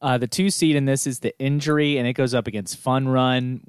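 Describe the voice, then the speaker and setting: A man with a smooth, clear voice talks in a relaxed, easygoing way and laughs often. The recording is dry and close, with no room sound. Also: medium pitch, fairly quick, no room sound. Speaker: podcast co-host. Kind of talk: casual chat.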